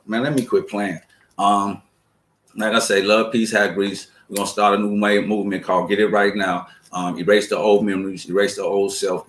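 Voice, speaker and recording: A man's voice: on the low side, fairly bright tone. A man hosting a show, giving a streetwise, profane spiritual talk and acting out quoted voices. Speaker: show host. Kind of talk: casual spiritual monologue. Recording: roomy echo.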